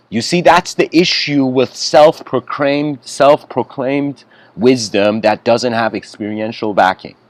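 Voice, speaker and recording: A man's voice: medium pitch, measured pace, no echo. A man giving a spiritual lecture, telling a story in a casual, conversational way with frequent asides.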